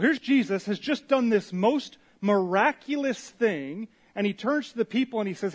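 A male pastor with a somewhat high voice delivers a sermon in a lively, storytelling manner. He acts out the people in his stories as he goes. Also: moderate pace, hardly any pauses. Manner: animated storytelling, acting out quotes.

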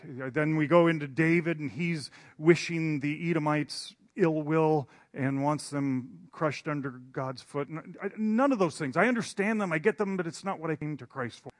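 A man's voice: a little high, normal speed, hardly any pauses, no echo, clean studio sound. A man preaching in a storytelling style, rambling and self-deprecating, with hesitant restarts. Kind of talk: storytelling sermon.

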